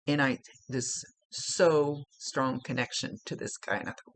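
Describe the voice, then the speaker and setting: Gravelly-voiced middle-aged woman, psychic reading. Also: sits low, animated, measured pace, few pauses. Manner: chatty, emotional, blunt, swears freely. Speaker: psychic medium. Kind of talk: recorded psychic reading monologue.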